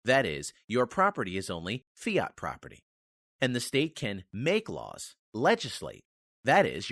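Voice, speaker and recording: Lively, emphatic man reading. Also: lowish voice, no room sound, studio quality. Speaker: reader of a history book. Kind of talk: formal reading of a nonfiction text.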